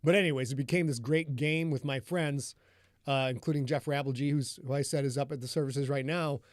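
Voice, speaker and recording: A man's voice: mid-range voice, fairly even intonation, fairly quick, dry recording, studio quality. A man from northern Michigan, an author hosting a live stream, talking in a rambling, chatty way and greeting viewers in the chat.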